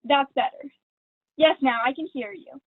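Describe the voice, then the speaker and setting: Teen girl doing a gushy fake-sweet actress diva, high voice, tinny dry zoom audio. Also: normal speed, no echo, close to an everyday voice. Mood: gushing. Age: teens. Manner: theatrical, affected, honeyed. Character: vain, gushing glamorous stage actress, woman. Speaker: student actor. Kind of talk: school play read over video call. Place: at home. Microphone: video call.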